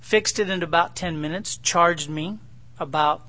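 Bright-voiced, high-pitched male preacher. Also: unhurried. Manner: conversational, joking, acts out dialogue with God. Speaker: pastor. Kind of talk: sermon.

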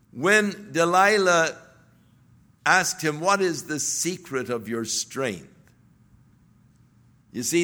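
A man's voice: mid-range voice, sharp tone. A male preacher delivering a sermon, earnest and emphatic, building to exclamations.

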